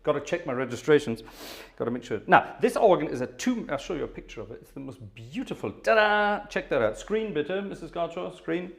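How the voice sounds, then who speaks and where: A man's voice: fairly high pitch, very animated, brisk, creaky. A man hosting a live organ music stream, chatting casually and self-deprecatingly with viewers while he sets up.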